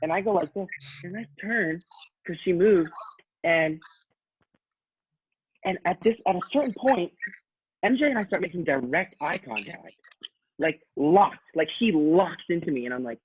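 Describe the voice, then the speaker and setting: A man in casual chat, telling an anecdote in an animated way, swearing and acting out quotes. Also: sits high, normal speed, pauses often, husky, dull audio.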